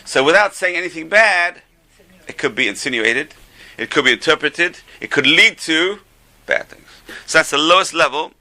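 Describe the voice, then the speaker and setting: Gravelly, lively older man teaching a class. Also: fairly high pitch, moderate pace. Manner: chatty, joking storyteller. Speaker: religious teacher. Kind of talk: informal religious class.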